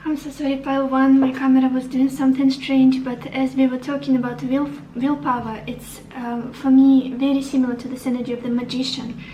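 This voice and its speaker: Upbeat high-voiced woman reading tarot. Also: level tone, brisk, few pauses, warm tone, roomy sound, far from the mic, slight background noise, poor audio. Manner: upbeat, encouraging, thinks aloud as she reads cards. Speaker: tarot reader.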